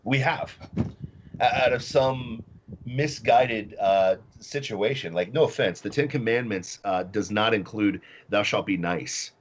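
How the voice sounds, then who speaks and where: A man's voice: on the low side, measured pace, a little hiss or hum. A man from the US Midwest, a guest on a talk show, ranting bluntly and combatively about politics. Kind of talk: casual political chat.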